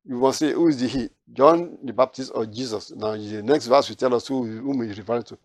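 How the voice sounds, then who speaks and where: A man's voice: medium pitch, brisk, a little mellow, no room sound, clean studio sound. A man teaching a Bible study, reading verses aloud and then explaining them, with frequent restarts.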